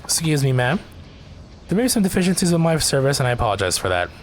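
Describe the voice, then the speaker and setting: A man voicing a polite young male taxi driver who apologizes calmly and stays deferential. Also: medium pitch, quick pace, faint music behind, voice pushed up, close to an everyday voice.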